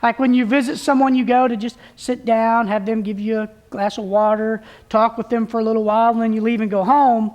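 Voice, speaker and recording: Woman preacher, somewhat high voice, talks to the congregation in a relaxed, homespun way and restarts her phrases often. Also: a little fast, hardly any pauses. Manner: plain-spoken, folksy, with frequent restarts. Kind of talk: conversational sermon. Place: church service.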